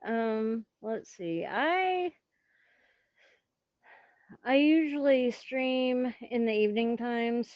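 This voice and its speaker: Slow, giggly woman on a headset. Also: a little high, animated, clear, resonant tone, no echo, lo-fi sound. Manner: giggly, rambling, often breaks off to talk to her cat. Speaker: guest streamer. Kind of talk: casual chat.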